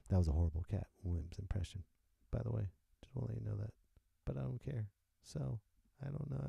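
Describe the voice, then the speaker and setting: A man hosting a podcast, delivering an unscripted comedic rant in an animated, joking way and laughing often. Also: medium pitch, gravelly, slightly rough, no room sound, studio quality. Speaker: podcast host. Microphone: close podcast microphone.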